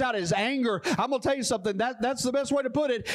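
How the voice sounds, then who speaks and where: A man pastor preaching a sermon in a church, fervent and repetitive, building up to shouts. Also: very high voice, fast.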